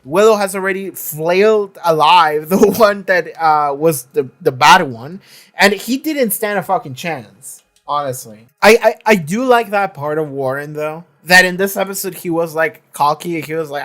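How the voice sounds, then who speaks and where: A man's voice: high voice, normal speed, fairly bright tone. A man casually reviewing a TV episode he just watched, rambling with many restarts and swearing freely. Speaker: reaction channel host.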